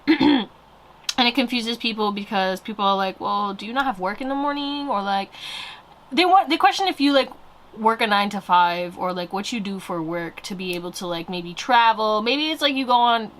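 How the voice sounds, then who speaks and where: A woman's voice: medium pitch, pushed and bright, slight background noise. A woman giving a casual pick-a-card tarot reading, rambling and swearing freely with lots of fillers. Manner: rambling, profane, filler-heavy. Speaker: tarot reader.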